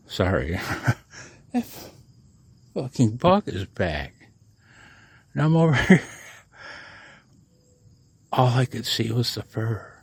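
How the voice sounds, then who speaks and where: A man's voice: on the low side, slightly rough. A sleepless man telling a rambling story to camera in a casual vlog, often chuckling. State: sleepless, late at night. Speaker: amateur radio vlogger.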